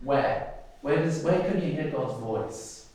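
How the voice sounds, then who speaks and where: A man's voice: mid-range voice, lively intonation, slow pace, a little mellow. A man preaching an informal sermon in an arts centre hall, chatty and full of fillers, stopping often to quiz his listeners. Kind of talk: informal sermon with congregation questions.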